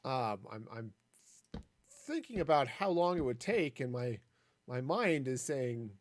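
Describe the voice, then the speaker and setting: A man's voice: mid-range voice, very animated, measured pace. A man streaming a building game, talking through his plans in a rambling way with jokey asides. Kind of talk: casual gameplay commentary.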